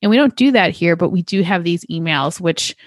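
Woman, 30s, podcast co-host; gushing, filler-heavy, slightly low voice, dry close mic. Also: lively intonation, brisk, no room sound. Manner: enthusiastic, gushing, many fillers. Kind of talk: casual book chat.

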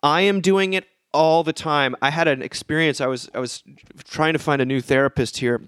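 A man's voice: on the high side, steady tone, normal speed, fairly bright tone, clear, resonant tone, dry recording, clean studio sound. A man co-hosting a podcast, telling long stories in casual chat with many restarts. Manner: rambling storyteller, many restarts. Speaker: podcast co-host.

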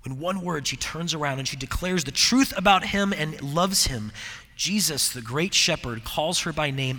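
Guy preaching a devotional, kinda high voice, goes soft and hushed to make points, lots of hall reverb. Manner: reflective, dropping to hushed tones for emphasis. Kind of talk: devotional sermon.

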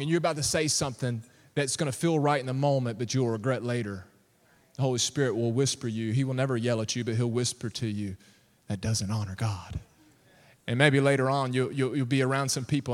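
A pastor, preaching a sermon with animated storytelling and laughter. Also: male voice, mid-range voice. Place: church hall. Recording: long reverb of a church hall.

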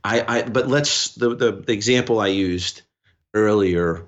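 A man co-hosting a podcast, telling a story in a rambling, animated way with lots of restarts. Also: on the low side, a little slow, muffled recording. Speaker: podcast co-host. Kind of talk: casual podcast conversation.

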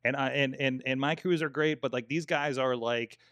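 A man's voice: mid-range voice, fairly even intonation, moderate pace, a bit bright, no room sound. A man co-hosting a podcast in casual chat, rambling with many fillers and restarts and swearing often. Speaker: podcast co-host.

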